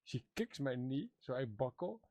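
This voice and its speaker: A man's voice: mid-range voice, normal speed. A man playing Mato, a playful married tribesman in a western roleplay, telling stories in broken English and acting out the voices of others. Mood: teasing. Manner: broken English, animated retelling with quoted voices. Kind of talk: in-character roleplay chat.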